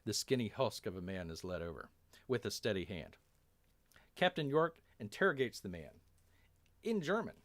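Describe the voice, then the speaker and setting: A man's voice: lowish voice, big pitch swings, moderate pace, a bit bright, dry recording. A man telling a story on a live stream, rambling with many fillers and referring to himself in the third person.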